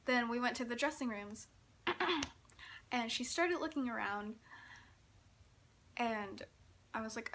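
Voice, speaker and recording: A young woman telling a story in a casual vlog, giggling often and talking in an excitable, breathless way full of fillers. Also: fairly high pitch, measured pace, long pauses. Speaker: vlogger.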